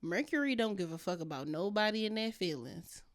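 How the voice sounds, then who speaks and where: A woman co-hosting a podcast in casual chat, blunt and profane, drawing her remarks out slowly. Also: medium pitch, lively intonation. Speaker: podcast co-host.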